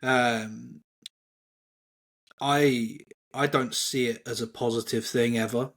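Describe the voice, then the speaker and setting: A man, a volleyball coach being interviewed, speaking in a measured, calm way. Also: mid-range voice, gravelly. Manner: measured, calm, even-toned. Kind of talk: reflective interview answers.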